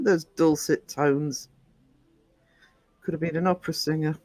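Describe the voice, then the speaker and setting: A man's voice: a little high, steady tone, a little slow, a little mellow, no room sound, soft background music. A man streaming live, chatting with his viewers in an affectionate, scattered way. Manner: chatty, affectionate, calls viewers sweetie and darling; scattered, frequent ums and trailing off while reading chat. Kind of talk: casual live-stream chat.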